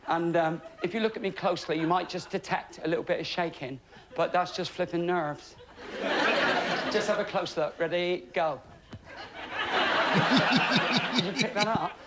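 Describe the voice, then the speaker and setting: A man's voice: sits high, normal speed, slight background noise. A man doing a stand-up comedy act on a television talent show stage, with self-deprecating, mock-grand patter. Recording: stage audio with loud audience laughter. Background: audience laughing.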